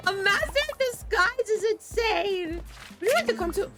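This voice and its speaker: A woman streamer with a high voice chats through her gameplay. She stammers and restarts her sentences, chaotic and playful. Game music plays clearly behind her. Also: lively intonation, normal speed. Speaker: VTuber streamer. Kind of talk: casual gameplay commentary.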